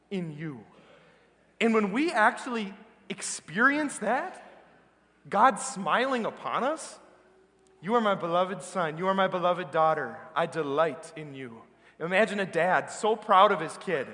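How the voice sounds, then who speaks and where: A man with an American accent preaching a sermon as a priest, earnest and emphatic, slowing down on key words. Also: sits high, bright, forceful tone. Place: large church. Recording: reverberant church hall.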